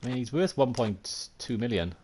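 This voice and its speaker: A man's voice: medium pitch, lively intonation, moderate pace, a little mellow, husky. A Welsh man thinking aloud and chatting with viewers while live-streaming a football management game, self-mocking and casual. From Wales. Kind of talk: live gameplay commentary.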